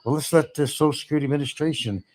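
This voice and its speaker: A man's voice: fairly high pitch, rapid-fire. A man hosting a casual livestream, rambling sarcastically and reading chat comments aloud. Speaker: livestream host.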